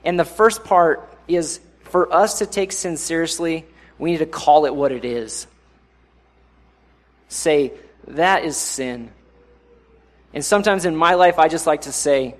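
A young man preaches in a relaxed, conversational way, his voice pitched a bit higher than most men's. He often breaks into short, louder acted-out voices before settling back into an easy, talky delivery. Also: unhurried, pauses often. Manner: conversational, acts out inner voices with sudden louder bursts. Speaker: pastor. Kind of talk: sermon.

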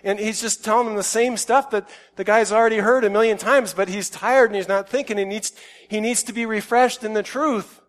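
Man preaching, quiet to emphatic. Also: high-pitched, fairly even intonation, fairly quick. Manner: swings from quiet musing to loud emphatic outbursts. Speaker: pastor. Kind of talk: conversational sermon.

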